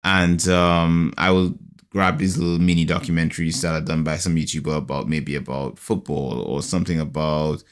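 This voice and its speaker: A man's voice: rumbling low, fairly even intonation, moderate pace. A man from the United Kingdom hosting a podcast in casual chat, rambling with lots of fillers, in a groggy morning voice. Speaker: podcast host.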